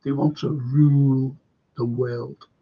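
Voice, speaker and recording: A man with a gravelly, husky voice hosts a casual livestream. He rambles and reads viewer comments aloud, often trailing off mid-thought. The audio is dull and lo-fi. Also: medium pitch, flat delivery, slow pace. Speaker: livestream host. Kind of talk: casual current-affairs livestream chat.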